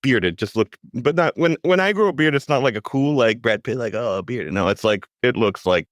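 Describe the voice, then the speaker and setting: A man telling a self-deprecating story in casual podcast chat, halting over his words. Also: medium pitch, animated, no echo, clean studio sound. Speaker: podcast guest.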